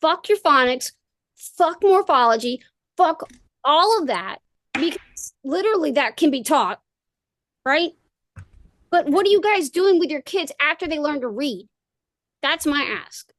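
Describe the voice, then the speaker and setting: A woman with a high voice rants bluntly on a podcast, swearing freely as she talks. The sound is dry and close, with no room around her. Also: dry recording. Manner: blunt, profane and ranting. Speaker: podcast co-host. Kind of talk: casual chat.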